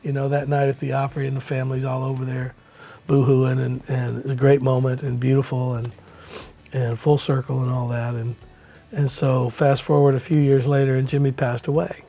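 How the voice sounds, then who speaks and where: An older man, telling stories in a relaxed, folksy way as an interview guest. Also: mid-range voice, moderate pace, creaky. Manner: relaxed storyteller, folksy with many "you know"s. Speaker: country musician, interview guest. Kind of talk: storytelling in a casual interview.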